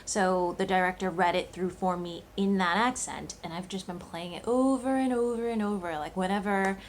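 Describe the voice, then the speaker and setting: A woman chats straight to camera in a loose vlog style, circling back on her thoughts with frequent fillers and false starts. Her pitch sits in an ordinary middle range, with a faint hiss of background noise beneath. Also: normal speed. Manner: chatty, thinking aloud with many fillers and restarts. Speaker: cooking channel host. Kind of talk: casual vlog chat.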